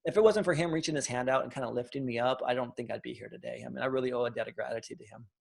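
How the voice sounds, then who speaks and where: Gravelly man telling his story. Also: medium pitch, rapid-fire. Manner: animated storyteller, acts out quotes, frequent restarts. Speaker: interview guest. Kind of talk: casual storytelling interview.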